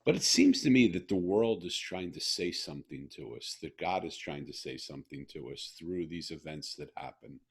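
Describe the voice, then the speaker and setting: A man's voice: a bass voice, animated, normal speed, vocal fry, few pauses, slightly rough. A middle-aged man hosting a heartfelt interview, telling stories earnestly and often restarting his sentences. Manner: earnest, emotional storyteller with frequent restarts. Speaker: podcast host.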